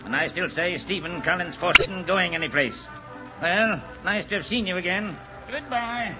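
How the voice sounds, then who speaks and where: A man's voice: high-pitched, normal speed, close to an everyday voice. An actor playing a blunt, scornful male stranger in an old radio drama. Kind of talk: 1940s radio acting. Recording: muffled old radio broadcast with music.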